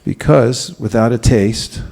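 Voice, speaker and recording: Male spiritual teacher, easygoing sermon style, warm dark tone with a gravelly edge, quizzes the room. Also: mid-range voice, takes it slowly. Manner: relaxed, asks the audience questions, chuckles. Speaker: spiritual teacher giving a class. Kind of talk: conversational sermon.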